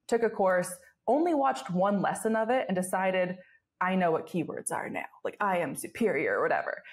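A young woman in her twenties, a podcast guest telling stories in casual chat, filler-heavy and laughing often. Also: fairly low pitch. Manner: fast storytelling with many fillers and laughs. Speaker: guest, travel blogger.

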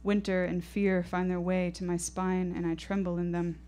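Low-voiced woman performing intense poetic storytelling. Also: level tone, moderate pace, warm tone, clean tone. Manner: intense, poetic, rhythmic delivery. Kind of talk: live first-person storytelling performance. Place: live showcase stage.

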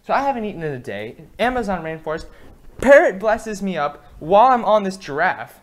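A young man performing a comedy sketch, rambling through a story in a slangy, excitable way. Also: high-pitched, brisk.

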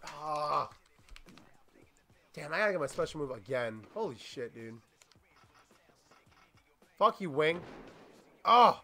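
A man commentating a wrestling video game as he plays, excitable and swearing, shouting at his opponent. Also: on the high side, takes it slowly, pauses often. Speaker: gaming YouTuber. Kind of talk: let's play commentary.

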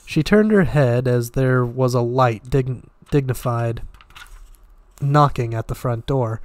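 Man, amateur audiobook reader, steady narration, occasional stumbles, mid pitch, dry close mic. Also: slow pace, no room sound. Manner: steady reading with frequent stumbles and restarts. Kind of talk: amateur novel reading.

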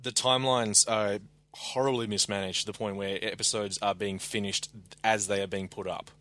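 A man's voice: lowish voice, fairly even intonation, normal speed, bright, forceful tone. A man co-hosting a podcast in casual chat, blunt and often stumbling over his words. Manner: stammering restarts, blunt. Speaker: podcast co-host.

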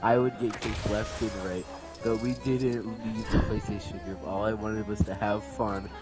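A man's voice: on the low side, little pitch movement, normal speed. A young male gamer casually reading group-chat messages aloud to his friends, often breaking into laughter. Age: teens. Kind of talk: casual gaming commentary. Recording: game music playing behind.

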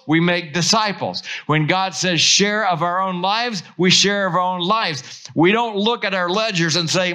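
A man, a pastor, preaching a sermon, swinging between animated emphasis and soft hushed asides. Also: on the high side.

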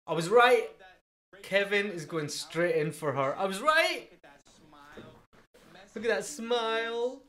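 A quippy British host gives loose, excitable reaction commentary on a reality show, at a middling pitch and easy pace. He's chatty, packs in quick asides, and laughs at his own jokes.

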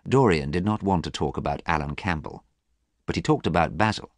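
A man narrating a storybook for English learners in a clear, expressive reading. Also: low voice, brisk, no echo, clean studio sound.

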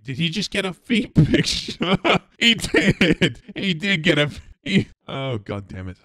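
A man's voice: a little high, big pitch swings, measured pace, a bit bright, no room sound. A man streaming casual reaction commentary, blunt and profane, often laughing. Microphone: streaming mic.

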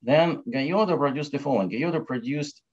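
A man giving an academic mathematics lecture, talking haltingly with many fillers and restarts. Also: fairly high pitch. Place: lecture hall. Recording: dull lo-fi lecture recording.

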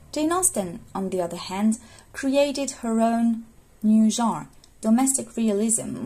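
Breathy young woman, non-native English speaker. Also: mid-range voice, mellow. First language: not English. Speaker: literature student presenter. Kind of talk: scripted talk on literature.

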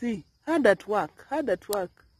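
A woman filming her vegetable garden outdoors, talking softly in a half-whisper as she narrates. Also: medium pitch, lively intonation, measured pace, husky. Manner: soft, half-whispered, coaxing. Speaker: gardening vlogger.

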